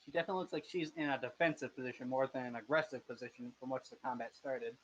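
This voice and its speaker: A man's voice: medium pitch, fairly even intonation, rapid-fire, husky. A man in his twenties narrating a tabletop game as game master, casual and joking, often stumbling over his words. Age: 20s. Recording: dull lo-fi voice chat audio.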